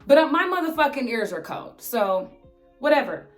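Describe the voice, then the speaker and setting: A young woman telling a storytime vlog as an animated, sarcastic, heavily profane rant. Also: high voice, normal speed, faint music behind. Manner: exasperated, sarcastic. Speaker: vlogger.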